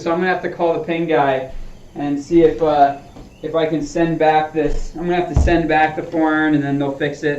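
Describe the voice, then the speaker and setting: A golfer streaming his practice session chats casually with viewers and talks himself through each swing. His voice is a little high, and the sound is roomy, distant, dull and lo-fi, with a noisy background.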